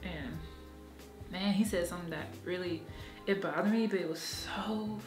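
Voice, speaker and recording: A woman's voice: on the low side, normal speed, faint music behind. Frank, profane woman vlogging in a roomy space. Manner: frank, profane and animated, laughing at herself. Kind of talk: casual confessional vlog. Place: her apartment.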